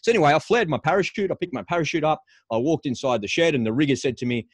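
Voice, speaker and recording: A man's voice: a little high, racing, hardly any pauses, dry recording. Frank middle-aged man, dry close sound. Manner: frank, conversational, restarts phrases often. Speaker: podcast guest, former paratrooper. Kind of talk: candid storytelling in a podcast interview.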